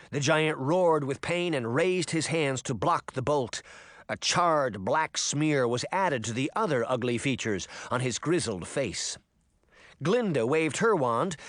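A man narrating a fantasy story as an audiobook reader, in expressive scripted narration. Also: fairly high pitch, no echo, studio quality.

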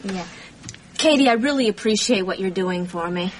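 An actress playing a nervous younger sister who frets and makes self-deprecating jokes. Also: female voice, medium pitch, animated, moderate pace, slight background noise, lightly acted, low-quality recording. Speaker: younger sister getting a makeover. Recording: sitcom audio with studio laughter.

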